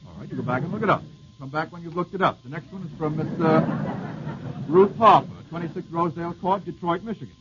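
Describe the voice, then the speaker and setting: A man's voice: fairly high pitch, background noise. A man hosting an old-time radio quiz show, bantering wryly with the panel and reading out listeners' questions. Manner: wry, bantering, quick with jokes. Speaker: quizmaster host. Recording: dull lo-fi old radio broadcast.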